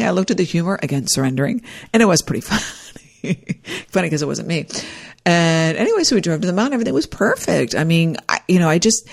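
A woman casually telling a personal story, animated and rambling, with frequent restarts. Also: fairly low pitch, quick pace, gravelly. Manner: animated, acts out quoted dialogue.

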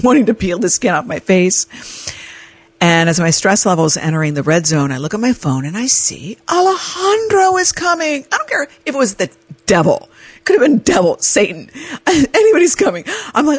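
Animated woman telling a story. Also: lowish voice, husky, no echo. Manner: animated, acts out quoted voices. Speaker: podcast host. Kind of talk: storytelling monologue.

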